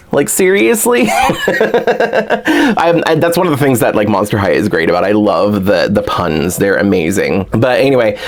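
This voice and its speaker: A man talking casually and excitably while unboxing a collector doll, full of fillers like "like" and "um". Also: fairly high pitch, moderate pace. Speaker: toy collector reviewing a doll.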